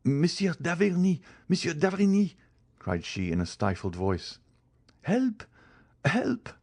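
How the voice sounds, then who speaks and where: A man's voice: lowish voice, expressive, normal speed, warm tone, husky. A male narrator voicing an anxious, devoted young woman in a storybook reading, pleading and crying out for help. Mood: frantic. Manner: pleading, rising to frantic cries.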